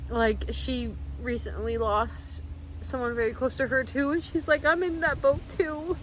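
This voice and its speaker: A woman speaks candidly to camera in a fairly high voice, circling back on herself with lots of "like" as she tells a heartfelt story. A faint hum of noise sits behind her. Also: fairly even intonation, measured pace, poor audio. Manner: rambling, heartfelt, heavy use of "like" and restarts. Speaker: vlogger.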